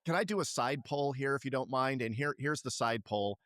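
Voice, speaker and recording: Also co-hosting a podcast, this middle-aged man speaks fairly quickly in a medium-pitched voice, casual and animated, with occasional swearing. He drops into kid-commercial impressions, and the audio is studio quality without echo.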